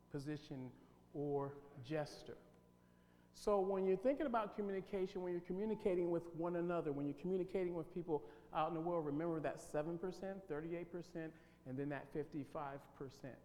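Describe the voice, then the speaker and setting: A man's voice: on the high side, moderate pace, darkish tone. A man leading a team-building workshop, talking with emphasis and quizzing his audience. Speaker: workshop leader. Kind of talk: interactive workshop talk. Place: church hall. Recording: long hall reverb, faint hum.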